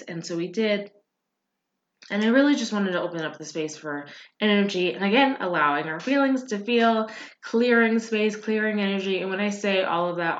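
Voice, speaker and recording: A woman hosting a podcast, talking casually and earnestly to listeners, reassuring them and often checking in with "right?". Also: on the low side. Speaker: podcast host and coach. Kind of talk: casual motivational talk. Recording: roomy, dull lo-fi sound.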